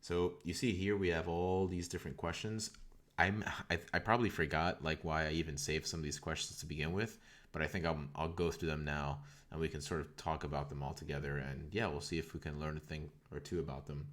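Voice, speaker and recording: A man with a very deep, low-pitched voice talks through a coding stream in a relaxed, unscripted way. He rambles a bit, often stumbling and repeating a word before carrying on. He speaks into a desktop condenser microphone. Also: brisk. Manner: rambling, frequent self-corrections and repeated words. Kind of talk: casual live-stream talk. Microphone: desktop USB condenser mic.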